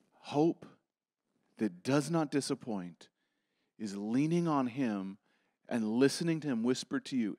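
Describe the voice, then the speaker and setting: A man preaching a sermon, rising to strong emphasis and then dropping to soft, near-whispered reassurance. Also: medium pitch, lively intonation, moderate pace, no echo, studio quality. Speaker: pastor. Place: church.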